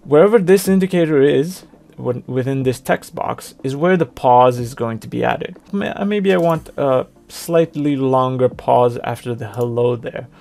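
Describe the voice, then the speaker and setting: Gravelly-voiced man explaining software. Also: mid-range voice, normal speed, few pauses. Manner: plain explanatory, talks through each click. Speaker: software tutorial presenter. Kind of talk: screen-recorded software walkthrough.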